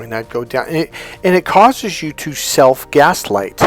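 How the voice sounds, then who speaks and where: A man's voice: fairly high pitch, lively intonation, normal speed, soft background music. A man, a life coach, teaching casually, often acting out what clients say. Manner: conversational, acts out quotes of clients.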